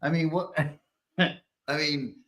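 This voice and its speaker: A man's voice: on the high side, fairly even intonation, very slow, fairly bright tone. A man hosting a podcast, telling a profane story with lots of chuckles and loose restarts. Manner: laughing, profane, loses his train of thought. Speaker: podcast host. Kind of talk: casual podcast chat.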